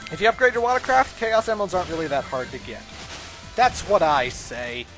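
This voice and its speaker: Man, high voice, upbeat casual game commentary, talking to viewers, faint background music. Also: expressive, brisk, fairly bright tone. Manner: chatty and upbeat, many asides to viewers. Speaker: let's play host.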